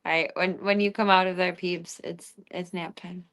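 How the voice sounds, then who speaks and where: A young woman streaming from home, chatting casually and baby-talking her cat, often dropping to a soft, hushed voice. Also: fairly low pitch, little pitch movement, normal speed. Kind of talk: casual livestream chat.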